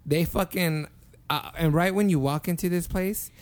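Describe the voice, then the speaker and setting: A man's voice: a little high, normal speed. A man telling a long story casually among friends, swearing a lot and acting out the people in it. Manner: animated, profane, acts out dialogue. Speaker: podcast co-host telling a story.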